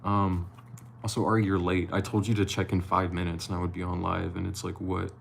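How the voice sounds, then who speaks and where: Low, gravelly-voiced man chatting on a live stream. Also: flat delivery, fast talker. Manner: loose and chatty, swears casually, slips while reading. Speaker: live-stream host reading a novel aloud. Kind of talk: casual live-stream reading and chatting with viewers.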